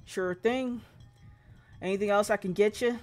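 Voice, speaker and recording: A woman voicing a folksy, smooth-talking male gas station attendant in a drawling put-on country accent, reading a game's dialogue aloud. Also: medium pitch, unhurried, darkish tone, close to an everyday voice. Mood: courteous.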